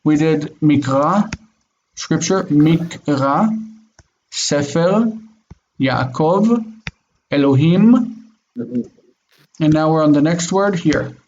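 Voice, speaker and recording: Male language teacher, slow patient drills, slightly raised pitch, dull call audio. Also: expressive, darkish tone. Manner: slow, careful pronunciation drills. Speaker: Biblical Hebrew teacher. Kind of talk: online class, patient teaching.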